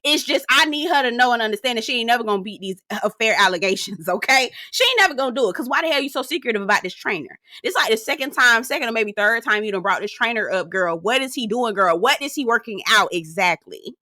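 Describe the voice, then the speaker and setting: A woman's voice: a little high, expressive, quick pace, pushed and bright, dry recording, studio quality. A woman recapping a reality show in casual commentary, sassy and profane, mimicking the cast and laughing often.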